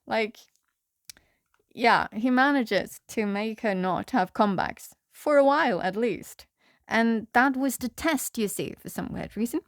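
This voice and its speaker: A woman's voice: a little high, measured pace, dry recording, clean studio sound. Rambling, laughing woman tarot reader. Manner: laughing often, rambling, self-interrupting. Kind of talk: rambling casual storytelling.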